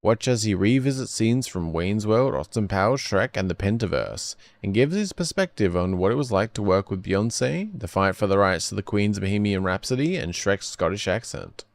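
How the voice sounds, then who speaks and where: A man's voice: fairly low pitch, normal speed, hardly any pauses. A man streaming casually, rambling and correcting himself as he reacts to videos. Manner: rambling, self-correcting, lively.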